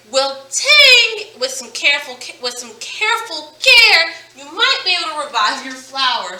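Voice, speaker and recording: A woman teacher leading a phonics lesson, stretching out words slowly and praising her students as she goes. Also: high voice, pushed and bright, echoey room, distant mic, a little hiss or hum, rough recording. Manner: slow, drawn-out word modelling with praise.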